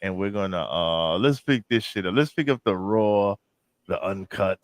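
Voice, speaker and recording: A man's voice: on the low side, lively intonation, moderate pace, no room sound. A man hosting a livestream, giving blunt, laughing commentary full of swearing. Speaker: livestream host. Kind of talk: casual profane commentary.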